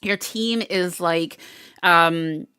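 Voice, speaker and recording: A woman's voice: on the low side, drawn-out words, pushed and bright, clear, resonant tone, no echo, studio quality. Chatty woman giving a tarot reading. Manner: chatty, rambling, frequent laughs and restarts. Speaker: tarot reader. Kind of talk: casual intuitive tarot reading.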